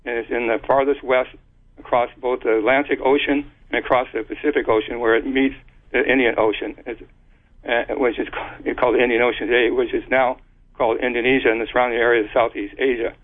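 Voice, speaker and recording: Over a tinny, narrow phone connection, an interview guest lays out his theory in a middle-pitched, level-toned voice. He speaks haltingly, frequently starting over and spelling out individual letters.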